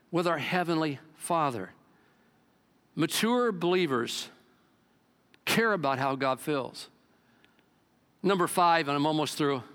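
A man preaching a sermon as pastor, talking to his congregation in an animated, conversational way. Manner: animated, conversational preaching with swings in pitch and loudness.

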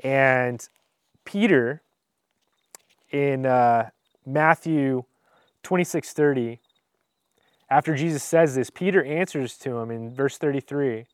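A man's voice: medium pitch, slow pace, pauses often, clear, resonant tone, dry recording, studio quality. A pastor preaching a conversational sermon, speaking earnestly and informally, addressing his listeners directly with frequent restarts and rhetorical asides.

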